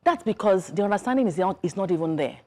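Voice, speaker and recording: Woman, Nigerian accent, middle-aged, panel guest, lively pitch, emphatic. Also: fast talker, slight background noise. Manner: animated, emphatic, repeats points. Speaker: guest author. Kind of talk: studio panel discussion.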